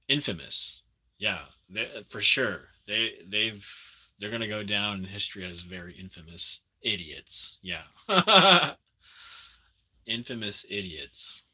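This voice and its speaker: Brief: male live streamer, husky low voice, slow and laid back, casual late-night chat to viewers, swears freely. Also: pushed and bright. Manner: loose, swears casually, gropes for words. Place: at home at night.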